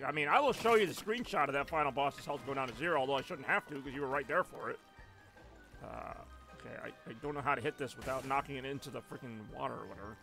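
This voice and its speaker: A man's voice: on the high side, pushed and bright. A man streaming a game live, rambling and joking as he chats with his viewers. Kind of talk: casual live stream gameplay commentary.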